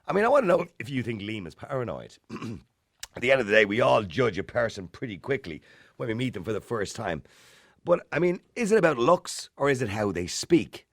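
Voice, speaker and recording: A man's voice: mid-range voice, very animated, fairly quick, fairly bright tone, no room sound, studio quality. A man with a Dublin accent hosting late-night talk radio, chatty and opinionated, often putting questions to listeners. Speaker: radio talk show host. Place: radio studio. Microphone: studio microphone.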